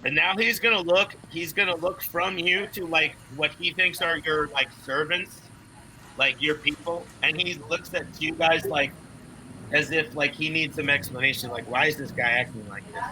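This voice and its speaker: High-voiced young male game master. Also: steady tone, moderate pace, bright, forceful tone, a little hiss or hum, rough recording. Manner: loose, filler-heavy narration. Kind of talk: narrating a tabletop game.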